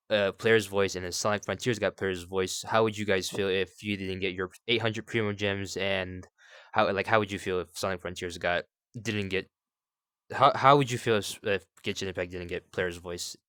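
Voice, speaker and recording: A man with a low but bright, forceful voice, recorded dry and close. He rambles through his questions, restarting sentences and dropping casual swears. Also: fairly even intonation, normal speed, clean tone, no echo. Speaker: interviewer asking players' opinions. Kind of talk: casual chat.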